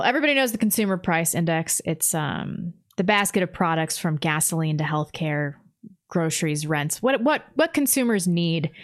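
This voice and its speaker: Woman, podcast co-host, low voice, blunt, wry, brisk with numbers. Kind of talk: casual political commentary.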